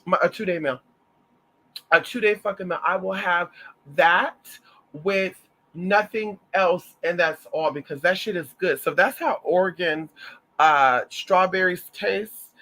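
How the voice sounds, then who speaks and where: Calling his viewers "honey" and swearing freely, a flamboyant vlogger chats with sass on a casual livestream. His pitch is fairly high, and his voice sounds pushed and bright.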